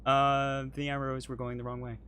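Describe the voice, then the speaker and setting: A man's voice: medium pitch, monotone, normal speed, fairly bright tone, smooth. A man co-hosting a casual chat while playing a game, hesitant and apologetic, with lots of ums. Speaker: podcast co-host playing a driving game.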